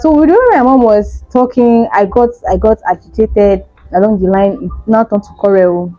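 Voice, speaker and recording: A young Nigerian woman vlogger telling a personal story in an animated way, laughing often. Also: medium pitch, moderate pace, few pauses, no room sound, highs cut off. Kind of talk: storytime vlog.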